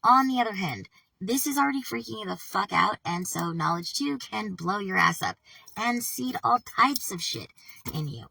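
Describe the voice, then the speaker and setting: A woman talks straight to her camera in a casual vlog, her voice low-set, gravelly and bright. She swears constantly and sounds keyed up. She sits back from the microphone in a dry, dead room. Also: moderate pace, dry recording, recorded from a distance, low-quality recording. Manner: heavy swearing, animated and worked-up. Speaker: vlogger.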